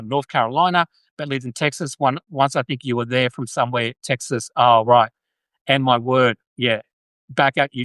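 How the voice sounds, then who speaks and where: An Australian man hosts a live stream and chats with his viewers in a rambling, self-correcting way. His voice is forceful and bright. It is recorded close and dry, with no room sound. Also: medium pitch, smooth, no echo. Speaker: podcast host. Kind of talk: live-stream chat answering viewer comments.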